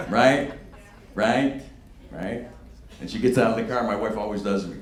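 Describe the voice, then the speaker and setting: A man's voice: mid-range voice, normal speed. Profane, exasperated male stand-up comic. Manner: profane, exasperated rants that swing from mutters to near-shouts. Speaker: stand-up comedian. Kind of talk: stand-up routine. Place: comedy club stage with audience laughter. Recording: echoey live room with faint noise.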